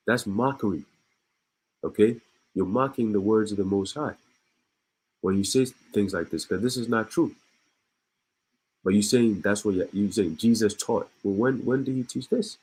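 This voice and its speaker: A man's voice: on the low side, normal speed, pauses often, a little mellow, breathy edge, rough recording. A man reading news aloud and adding his own commentary, stopping often to laugh or repeat himself. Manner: reads news aloud and breaks off with laughs and asides; repeats and restarts words. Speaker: online commentator.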